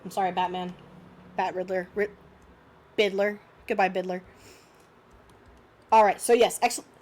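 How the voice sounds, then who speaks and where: A young woman with a slightly congested, sniffly voice walks through student drawings in an unscripted art lesson. She talks at a middle pitch, chatty and encouraging, full of ums and restarts. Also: steady tone, normal speed, a little mellow. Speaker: art teacher.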